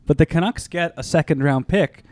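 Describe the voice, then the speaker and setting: A man's voice: on the high side, brisk, darkish tone, no echo. Chatty man with a dry close sound. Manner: rambling, laughs often, trails off into fillers. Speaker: podcast co-host. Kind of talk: casual sports chat.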